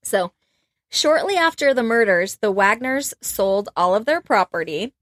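A woman's voice: medium pitch, expressive, unhurried, fairly bright tone, dry recording. A woman telling a true-crime story to a co-host in loose, chatty podcast talk, full of "like" and half-finished phrases. Her voice sits mid-range and sounds dry and close to the mic, with no room around it. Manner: chatty, lots of "like" and trailing phrases.

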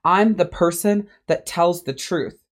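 A woman's voice: lowish voice, unhurried. A woman hosting her own podcast as a life coach, talking bluntly and emphatically and swearing freely in a candid solo monologue.

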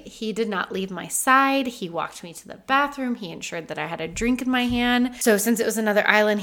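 Woman host, 30s, reflective personal storytelling, earnest and lively. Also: medium pitch. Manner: earnest, reflective, animated when retelling. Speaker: podcast host.

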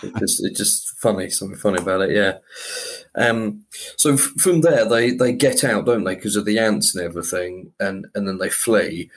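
A man co-hosting a casual chat, easygoing and agreeable, often pausing with fillers. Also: fairly low pitch, a little hiss or hum. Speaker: podcast co-host discussing a film.

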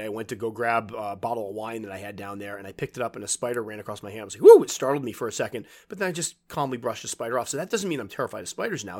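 A man who keeps tarantulas, talking casually to his viewers and giving advice in a relaxed, rambling way, with restarts and asides. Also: on the low side. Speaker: tarantula keeper and video host. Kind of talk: casual advice talk to camera.

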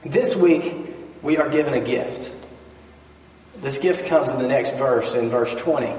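Preacher in an echoey hall. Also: male voice, mid-range voice, measured pace, long pauses, a little mellow. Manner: conversational preaching with asides between scripture readings. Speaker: pastor. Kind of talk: sermon. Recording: echoey hall, mic at a distance.

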